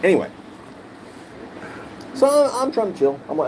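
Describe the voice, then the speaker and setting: A man's voice: fairly high pitch, normal speed, creaky, pauses often, background noise. A man vlogger telling a rant-style story with heavy swearing and a lot of repetition. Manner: animated, profane, repeats himself.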